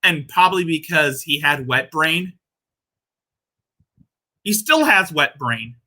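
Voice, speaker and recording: A man's voice: a little high, animated, takes it slowly, pushed and bright. A man hosting casual reaction commentary, rambling and crude, often laughing at his own jokes. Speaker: commentary channel host.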